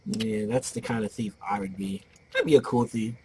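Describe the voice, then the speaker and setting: A man's voice: medium pitch, sing-song, normal speed, dark tone, a little hiss or hum, low-quality recording. A man giving casual gameplay commentary, rambling off into joking stories as he plays.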